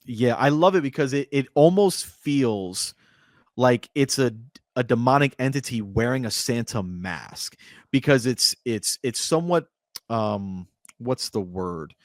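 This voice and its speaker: Guy on a movie podcast, excited, acts out scenes, dry close mic. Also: mid-range voice, measured pace, no echo. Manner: animated storyteller, acts out scenes. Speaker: podcast co-host. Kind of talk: casual movie discussion.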